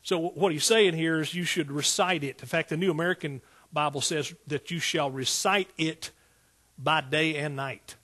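A man preaching a sermon, talking directly to the congregation, building to loud emphatic peaks and then dropping back to a conversational tone. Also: fairly high pitch, fairly even intonation, moderate pace. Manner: rises to emphatic exclaiming peaks; Southern "y'all" speech.

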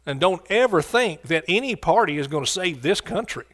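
Emphatic male preacher from the US, slightly high voice, repeats lines, calls to the crowd. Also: animated, normal speed, fairly bright tone. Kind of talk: sermon.

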